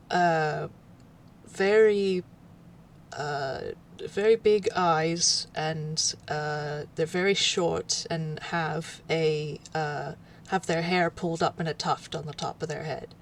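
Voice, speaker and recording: Slow, hesitant low-voiced woman. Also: a little hiss or hum. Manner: hesitant, lots of ums and trailing off. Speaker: tabletop role-play player. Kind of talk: casual in-character role-play chat.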